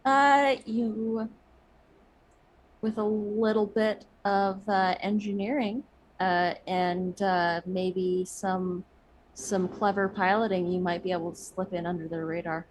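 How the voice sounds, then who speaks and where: A woman's voice: medium pitch, fairly even intonation, takes it slowly, a little hiss or hum, low-quality recording. A woman running a tabletop game as game master, talking with many fillers and hesitations.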